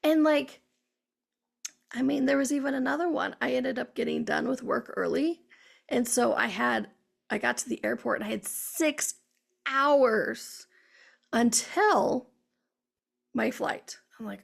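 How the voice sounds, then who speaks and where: Woman host, middle-aged, high voice with heavy vocal fry, chatty storyteller. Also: measured pace, pauses often. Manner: chatty storytelling, acts out her own inner dialogue. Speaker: show host. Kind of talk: spiritual talk show monologue.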